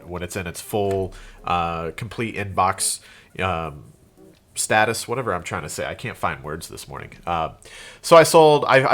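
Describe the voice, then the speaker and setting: A man's voice: deep voice, a bit bright. Congested man chatting casually about resales. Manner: rambling, loose with fillers and restarts. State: congested from a cold. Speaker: reseller vlogger. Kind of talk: casual show-and-tell vlog.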